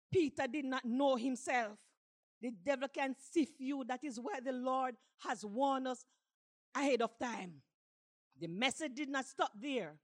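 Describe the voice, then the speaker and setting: A woman preaching a sermon with passion, repeating lines and rising to shouts. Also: on the high side.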